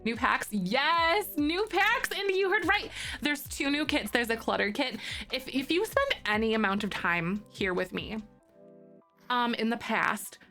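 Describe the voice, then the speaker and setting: A young woman with a somewhat high voice chats casually on a live stream, greeting viewers one by one as she plays. Her manner is bubbly and she squeals when something thrills her. Faint game music sits underneath her voice. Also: pushed and bright. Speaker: Twitch streamer.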